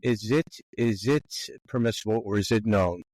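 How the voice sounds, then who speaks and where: Low-voiced Philadelphia man asking questions. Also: normal speed, darkish tone, no room sound. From Philadelphia area. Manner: rambling, folksy, long wind-up questions. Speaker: podcast host. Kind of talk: conversational interview questions.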